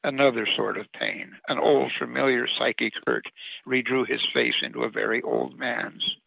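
A man's voice: medium pitch, fairly even intonation, moderate pace, creaky, slightly rough, no room sound, highs cut off. A man reading a short story he wrote, with wry, sardonic narration, as a radio commentator. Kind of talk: reading his own short story aloud.

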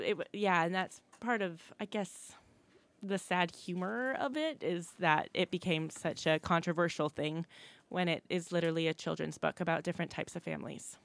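Fast-talking woman actor, gravelly fry. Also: lowish voice, fairly bright tone. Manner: talks fast, laughs often, many fillers. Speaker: actor in a stage play. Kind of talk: casual radio interview.

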